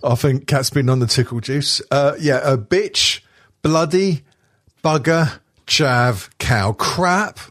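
A man's voice: medium pitch, takes it slowly, a bit bright. A man hosting a casual podcast, reading a list aloud with constant swearing and jokes. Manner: swears constantly, jokey, laughs often.

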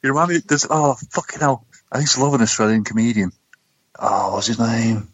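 A man's voice: medium pitch, brisk, husky, dry recording. A man telling sweary stories in casual chat. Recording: dull, slightly lo-fi line.

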